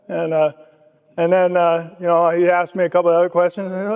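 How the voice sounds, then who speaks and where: A man's voice: sits high, flat delivery, fast talker, clear, resonant tone, in a large hall, highs cut off. A man giving a casual personal testimony at a recovery meeting, acting out the voices of people he quotes.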